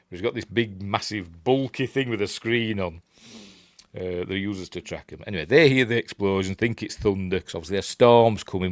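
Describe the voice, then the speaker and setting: A man's voice: low voice, no room sound, clean studio sound. Chatty Yorkshire man rambling over a film. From Yorkshire, England. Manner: chatty, self-deprecating, muttering asides. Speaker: film reviewer. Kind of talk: casual rambling film commentary.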